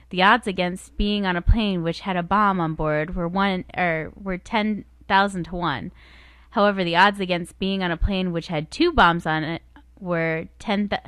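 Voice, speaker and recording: A woman's voice: on the low side, fairly bright tone, no echo. A woman co-hosting a casual talk show, chatting and reading jokes aloud from a list. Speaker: podcast co-host.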